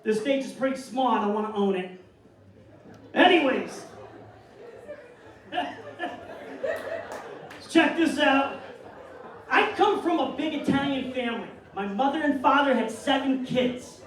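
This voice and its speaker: Man, stand-up comedian, from upstate New York, brash, bawdy, lively swings in pitch, echoey club, distant mic. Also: measured pace, long pauses. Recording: echoey club mic'd from afar.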